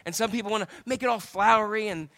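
A man preaching in a church with a high, bright and forceful voice. He keeps the sermon loose and conversational, with jokes and asides to people in the pews. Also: quick pace. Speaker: pastor. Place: church sanctuary.

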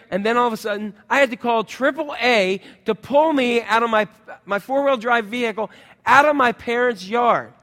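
Middle-aged guy preaching, kinda high voice, lively storytelling w sound effects, long echo in the hall. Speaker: pastor. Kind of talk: sermon with personal storytelling.

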